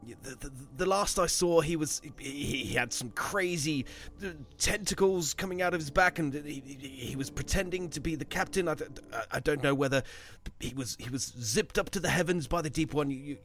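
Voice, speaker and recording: A man's voice: fairly high pitch, brisk, hardly any pauses, a bit bright. Stammering man playing a character. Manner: stammering, repeats words. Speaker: player. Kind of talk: in-character play.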